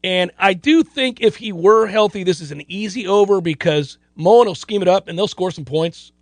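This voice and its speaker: A man with a notably high voice runs through his betting picks in casual, rambling podcast talk. He circles back on himself, stumbles over words and laughs often. The sound is close and completely dry, with no room around it. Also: moderate pace, dry recording. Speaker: sports betting co-host. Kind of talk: casual sports betting chat.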